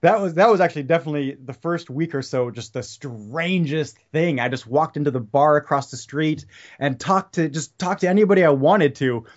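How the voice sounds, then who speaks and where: A man's voice: a little high, fairly quick. Rambling podcaster man. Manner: rambling, with frequent restarts and tangents. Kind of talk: casual podcast chat. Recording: slightly dull lo-fi podcast audio.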